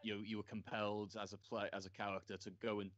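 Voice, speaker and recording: A man's voice: fairly low pitch, level tone, quick pace, highs cut off. A man in casual chat, asking puzzled follow-up questions.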